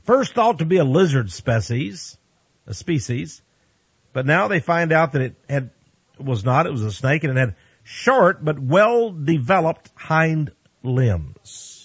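A man's voice: fairly high pitch, animated, a little slow, husky, no room sound. A man speaking as a radio preacher, giving folksy preaching commentary on the news with exclamations, chuckling asides and frequent calls to his "friends.".

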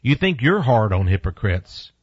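A man preaching a sermon, emphatic with big swings in pitch and loudness. He speaks to his listeners directly and bluntly, and reads scripture slowly and deliberately. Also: sing-song, breathy edge, no room sound. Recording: dull lo-fi recording.

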